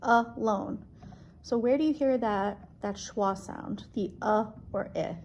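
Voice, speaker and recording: A woman's voice: mid-range voice, darkish tone, muffled recording. Patient teacher woman in an echoey room. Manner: patient, slow and clear, stretching out sounds. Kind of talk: one-on-one phonics lesson. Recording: echoey room, distant mic, background noise.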